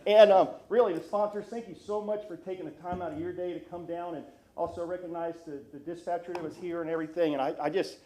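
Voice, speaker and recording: A man's voice: sits high, steady tone, quick pace, hardly any pauses. A retiring police officer, a man, gives an emotional, effusive thank-you speech in a council chamber. He is choked up and repeats his thanks again and again. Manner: effusive, repeats thanks, speaks with warm religious gratitude.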